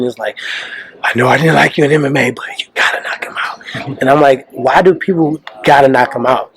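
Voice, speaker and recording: Chill fighter guy talking slangy at a presser, mid voice. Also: medium pitch. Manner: calm, laid-back, slangy. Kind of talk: casual press interview. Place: press conference.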